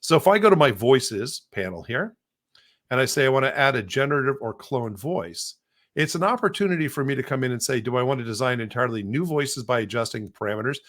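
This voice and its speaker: A man's voice: medium pitch, lively intonation, fast talker, fairly bright tone. Rambling man hosting a casual podcast. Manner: rambling, frequent restarts and repeated words. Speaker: podcast host.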